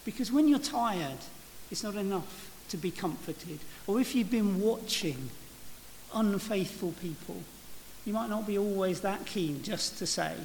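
Man, preacher, reflective sermon, high voice, gravelly edges, church reverb, faint hiss. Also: animated, unhurried, darkish tone. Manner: reflective, with frequent restarts and "you know".

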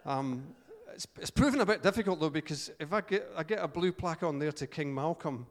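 Scottish preacher in a reverberant hall. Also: male voice, fairly high pitch, lively intonation, brisk. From Scotland. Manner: chatty, joking asides, frequent fillers and restarts. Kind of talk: informal sermon with storytelling.

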